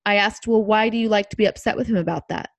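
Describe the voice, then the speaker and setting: A woman co-hosting a podcast, talking in a reflective, measured way and quoting snippets of past conversations. Her voice has a medium pitch. The recording is dry and close, with no room sound. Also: vocal fry, dry recording. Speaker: podcast co-host. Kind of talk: casual podcast chat.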